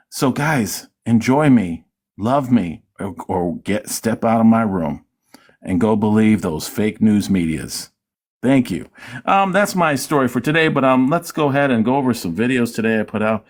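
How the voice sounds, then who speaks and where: A man's voice: medium pitch, animated, moderate pace. Taunting man ranting on a vlog. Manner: taunting, mocking, boastful. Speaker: vlogger. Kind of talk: political commentary vlog.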